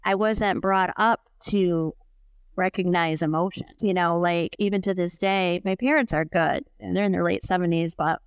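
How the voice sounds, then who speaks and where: Clear-voiced middle-aged woman, candid and reflective. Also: fairly low pitch, steady tone, moderate pace, no room sound. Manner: open, reflective, storytelling. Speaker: podcast guest. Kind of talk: candid conversational chat.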